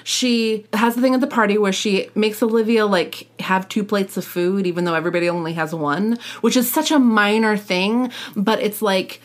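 A woman's voice: medium pitch, fairly even intonation, moderate pace, hardly any pauses. A woman co-hosting a podcast, chatting casually and reading aloud, rambling with lots of fillers. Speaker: podcast co-host.

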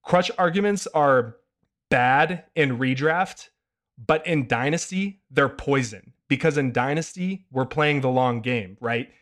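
A man hosting a sports podcast who talks in an opinionated, animated way. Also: medium pitch, unhurried. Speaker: podcast host. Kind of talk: casual podcast chat.

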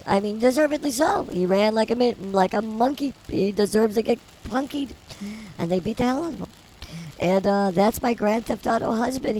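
A woman co-hosting a casual comedy podcast, telling a rambling story in a wry, deadpan way. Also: mid-range voice, a little hiss or hum, low-quality recording. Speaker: podcast co-host.

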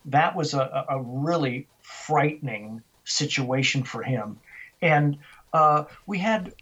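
An older man, the guest in an interview, telling a story in an animated way, often restarting and repeating words. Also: a little high, slow pace, slightly rough, muffled recording.

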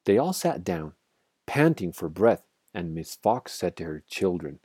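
A man reading a children's story aloud with expressive, dramatic storytelling. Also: low voice, moderate pace, breathy edge, no echo, clean studio sound. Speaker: narrator.

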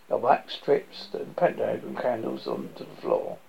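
A man's voice: lowish voice, huge pitch swings, unhurried, vocal fry, warm tone, a little hiss or hum. A man narrating as he reads a film script aloud, stumbling and correcting himself as he goes. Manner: stumbling, self-correcting reading. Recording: dull lo-fi recording.

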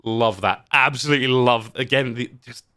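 A man hosting a podcast in casual chat, animated, laughing often and swearing casually as he talks about games. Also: medium pitch, moderate pace, smooth, no echo, clean studio sound. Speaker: podcast host.

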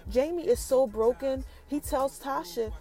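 A woman hosting a podcast, recapping an episode in an animated casual chat that talks straight to her listeners. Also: sits high, a little slow. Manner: animated, addresses listeners directly as y'all. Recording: light background music.

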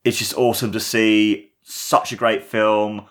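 Low-voiced man gushing about a film. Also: little pitch movement, unhurried. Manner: enthusiastic, rambling, repeats words. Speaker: podcast host. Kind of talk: casual film review monologue.

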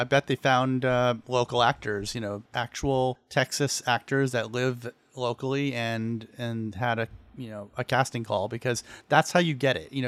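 A man's voice: mid-range voice, a bit bright, no room sound. Rambling man with a dry close mic. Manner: meandering, lots of "you know" and "like", chuckles. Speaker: podcast co-host. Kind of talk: casual chat recapping a TV show.

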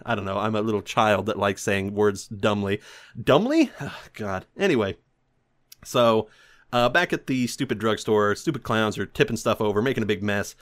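A man's voice: on the low side, fairly bright tone. A man hosting a podcast who rambles through a film recap casually, swears freely, pokes fun at himself, and laughs often. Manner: rambling, profane, self-mocking, laughs often. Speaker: podcast host reviewing a film. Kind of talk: casual solo commentary.

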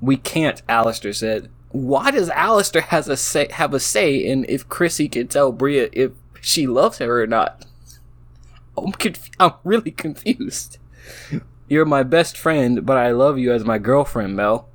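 A man reads a story off his screen at an unhurried, drawn-out pace, stumbling through lines and pausing to comment with a chuckle. His voice sits at an ordinary middle pitch, and the clack of a keyboard is heard behind him. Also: lively intonation. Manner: slow, halting reading broken by laughing asides. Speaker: host reading an AI-written story. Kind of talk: casual reading aloud with commentary.

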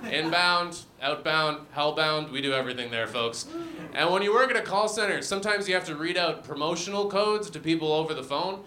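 Deadpan young man doing stand-up. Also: a little high, brisk, slight background noise. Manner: deadpan, self-deprecating delivery. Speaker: stand-up comedian. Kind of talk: stand-up comedy set. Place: comedy venue with audience. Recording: roomy venue sound.

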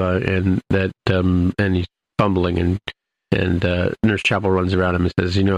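A man's voice: sits low, level tone, moderate pace, vocal fry, a little hiss or hum. A man casually recapping an episode, rambling with many fillers and restarts. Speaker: podcast host recapping an episode. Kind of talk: casual chat.

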